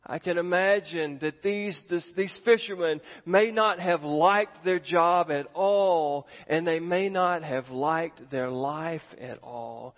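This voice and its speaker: A man's voice: a little high, slow, few pauses, long reverb tail, lo-fi sound. A male pastor giving a sermon in a conversational, storytelling way, with the odd restart.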